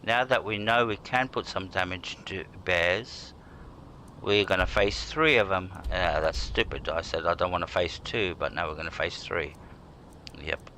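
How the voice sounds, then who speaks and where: A lower-pitched man talks through his gameplay in a loose, rambling way, cursing casually as he goes. His voice has a bright, forward edge, with a faint hum of background noise underneath. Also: a little slow. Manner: rambling, swears freely, chuckles at himself. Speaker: gaming streamer.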